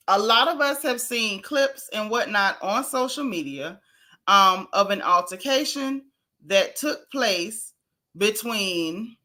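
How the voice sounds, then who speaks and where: A woman hosts a casual gossip livestream, talking in a bright, forceful voice. She is chatty and emphatic, repeating her points and reading viewer comments aloud as she goes. Her pitch sits in a middle range for a woman. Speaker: gossip show host.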